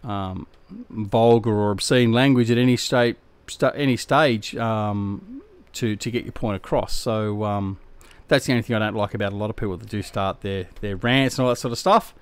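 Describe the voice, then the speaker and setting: Laid-back Australian man, smooth voice. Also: fairly low pitch, moderate pace. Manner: laid-back, rambling, slangy. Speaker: game live-streamer. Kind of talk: casual live-stream chat, replying to viewers.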